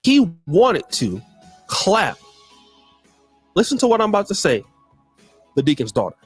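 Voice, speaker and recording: A man's voice: sits high, wildly swooping pitch, a little slow, slightly rough, soft background music. A man giving emphatic commentary, repeating phrases for effect. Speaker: guest commentator. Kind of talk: animated commentary.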